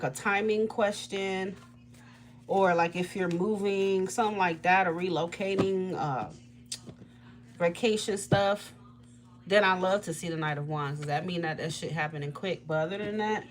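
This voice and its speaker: A woman tarot reader chatting casually on a livestream, blunt and swearing freely, with frequent laughter and sudden high jumps in her voice. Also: moderate pace.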